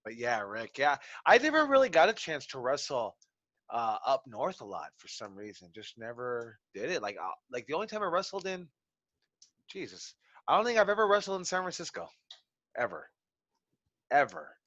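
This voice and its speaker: A man's voice: mid-range voice, normal speed, no room sound, lo-fi sound. A man, chatting casually as a podcast host and telling stories animatedly with lots of slang. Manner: animated storyteller, slangy, says "bro" often. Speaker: wrestling trainer, podcast host. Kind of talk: casual chat.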